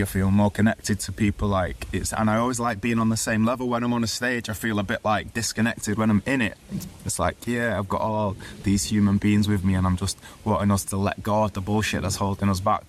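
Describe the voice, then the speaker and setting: A young man from Manchester with a Mancunian accent, reflecting casually as a cacao ceremony facilitator, rambling and effusive with lots of fillers. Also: on the low side. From Manchester, England. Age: young adult.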